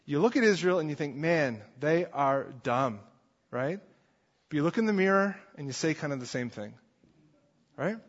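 Male preacher, conversational sermon, high voice, husky tone, echoing hall, dull lo-fi sound. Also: animated, fairly quick, pauses often. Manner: conversational, asks the congregation "right?" often. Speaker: pastor.

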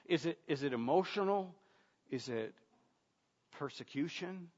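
A man's voice: fairly high pitch, lively intonation, a little slow, a little mellow, slightly rough. A man preaching a sermon as pastor, earnest, asking rhetorical questions and repeating words as he goes. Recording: dull sound, long reverb of a large room.

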